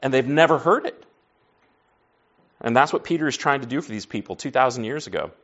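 A man preaches to a class in a folksy, conversational teaching style, posing questions to the group and then answering them himself while peppering his speech with "y'all" and "like." His medium-pitched voice is animated, brisk and fairly bright, though the audio sounds dull.

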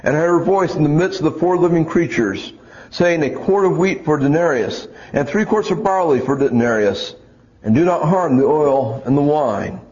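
A man's voice: fairly high pitch, animated, moderate pace, a little mellow. A man preaching a sermon and reading scripture aloud, earnest and often restarting his words. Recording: dull lo-fi recording.

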